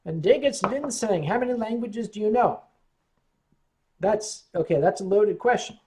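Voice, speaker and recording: A man's voice: high-pitched, animated, moderate pace, warm tone. Wry, tipsy man hosting a livestream. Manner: wry, joking, rambling storyteller. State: tipsy from wine. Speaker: livestream host reading chat. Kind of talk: casual chat on a livestream.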